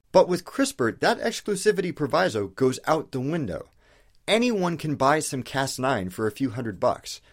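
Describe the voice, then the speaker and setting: A man hosting an educational video, delivering a scripted explainer with emphatic, rhetorical questions and casual asides. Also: mid-range voice. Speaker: host of an educational video channel.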